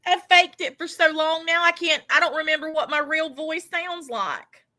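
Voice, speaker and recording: A woman's voice: high voice, normal speed, sharp tone. A woman delivering a sarcastic, theatrical mock-lament with exaggerated, Southern-flavored phrasing. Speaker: commentary creator.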